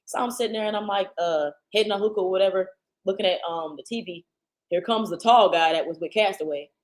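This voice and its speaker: Brief: woman streamer, casual slangy storyteller, animated and loud at times, built-in computer mic. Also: mid-range voice, quick pace, rough recording. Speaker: livestream host. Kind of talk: casual storytelling to a live audience. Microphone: computer's internal mic.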